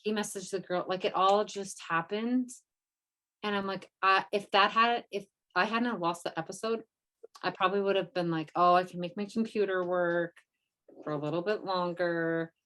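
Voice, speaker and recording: A woman's voice: mid-range voice, fairly even intonation, moderate pace, a bit bright. A woman co-hosting a podcast, telling a story in a casual, rambling way with lots of fillers and quoted asides. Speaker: podcast co-host. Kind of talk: casual chat.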